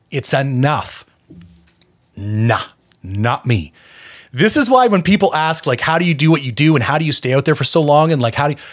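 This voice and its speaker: A man's voice: fairly high pitch, husky, no echo, studio quality. A man hosting a podcast, telling his own recovery story bluntly and with plenty of swearing. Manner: blunt, profane, intense storytelling. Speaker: podcast host.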